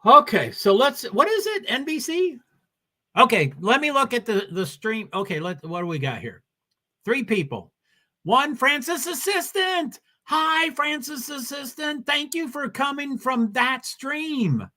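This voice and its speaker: A man with a New England accent chats his way through a casual livestream, wandering from viewer comments to racing news. His voice sits high for a man and has a bright, forceful edge. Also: big pitch swings, measured pace. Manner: rambling, reads comments and news aloud. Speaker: livestream host.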